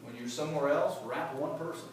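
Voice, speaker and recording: A man's voice: fairly high pitch, brisk. A man in sales leadership giving a casual, joking motivational talk to a live audience at a company event. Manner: chatty, joking, quizzes the crowd. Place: large echoey event room with an audience. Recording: echoey room, far mic, background noise.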